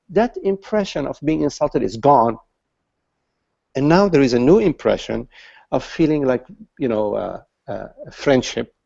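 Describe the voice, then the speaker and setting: A man leading a satsang, explaining patiently and haltingly to a questioner, with many restarts. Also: medium pitch, vocal fry, mellow, highs cut off. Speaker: satsang teacher. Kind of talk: spiritual dialogue with a questioner.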